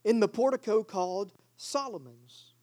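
A man preaching a sermon, reading scripture aloud with dramatic swings from loud declaiming to quiet asides. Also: high-pitched, normal speed. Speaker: pastor.

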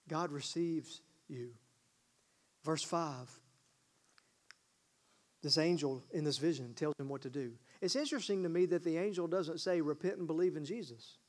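High-pitched pastor, emphatic, asks the room questions as he preaches. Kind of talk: sermon.

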